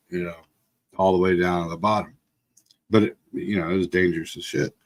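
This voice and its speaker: A middle-aged man from Texas telling a rambling story on a livestream, with lots of fillers and frequent laughs. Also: low-pitched. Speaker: livestream host. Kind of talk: casual storytelling.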